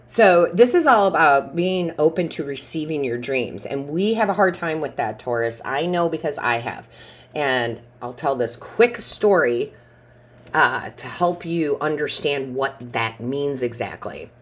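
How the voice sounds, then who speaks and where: Woman doing a tarot reading, really low voice, rambly and chatty, laughs a lot. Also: lively intonation, measured pace. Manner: chatty storyteller, laughs often. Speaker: tarot reader. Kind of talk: casual tarot reading monologue.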